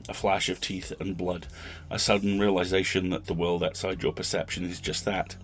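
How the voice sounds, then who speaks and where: Very deep-voiced man musing on a story. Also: flat delivery, fairly bright tone. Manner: thoughtful, literary, deliberate. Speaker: podcast host. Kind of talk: reflective story commentary.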